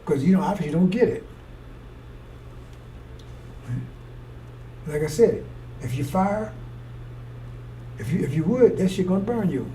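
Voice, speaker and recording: A man's voice: high voice, expressive, measured pace, pauses often, dark tone. A man preaching a rambling, fiery sermon in a blunt, profane way. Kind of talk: fiery street-style sermon. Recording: distant mic with faint noise.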